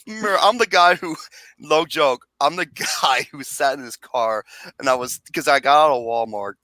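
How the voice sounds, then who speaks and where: A man co-hosting a podcast in casual chat, giggly and quick to burst into laughter, swearing along the way. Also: mid-range voice, pushed and bright, no echo. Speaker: podcast co-host.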